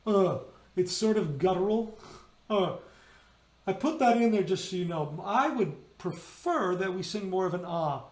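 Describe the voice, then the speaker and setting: A man's voice: high voice, expressive, measured pace, darkish tone, roomy sound. A man leading a choir rehearsal, explaining singing diction and demonstrating each vowel and consonant sound aloud. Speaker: choir director. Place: indoors, remote rehearsal video.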